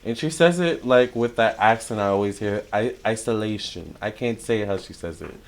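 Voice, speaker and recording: Chatty man, low voice, excitable. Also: normal speed. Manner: excitable, chatty, many fillers and self-corrections. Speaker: tarot reader. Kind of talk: casual spiritual channeling talk.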